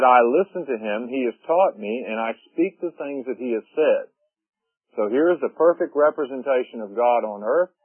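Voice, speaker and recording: A man's voice: mid-range voice, slightly rough. Preacher man on a tinny radio broadcast. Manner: reads scripture aloud slowly, then explains with fillers. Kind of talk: sermon.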